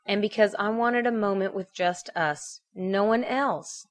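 Woman reader doing a brisk, confident teen girl, blunt, storybook audio. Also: mid-range voice, natural voice. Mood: tender. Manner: brisk, assured. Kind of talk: fan fiction reading.

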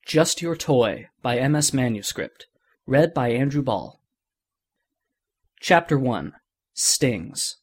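A man hosting a podcast and reading a fan fiction story aloud in a steady, conversational way. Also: medium pitch, slow, pauses often, breathy edge. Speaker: podcast narrator.

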